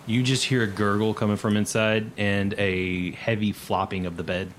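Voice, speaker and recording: A man with a low-pitched voice runs a tabletop game, narrating playfully and dropping into character voices. A faint hum of noise sits behind him. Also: flat delivery, moderate pace. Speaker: game master.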